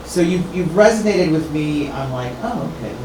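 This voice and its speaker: A man in the audience asks the speaker a question, stopping and restarting as he goes. His voice is fairly high for a man. He sounds far from the mic in an echoey room with a steady hum of background noise. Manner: hesitant, halting. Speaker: parent asking a question.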